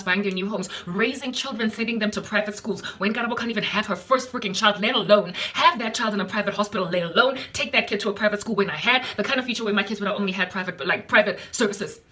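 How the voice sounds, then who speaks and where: South african woman ranting intensely, preachy and emphatic, bright clear voice. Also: medium pitch. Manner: indignant, intense, emphatic repetition. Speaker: Christian vlogger. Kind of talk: impassioned preaching monologue.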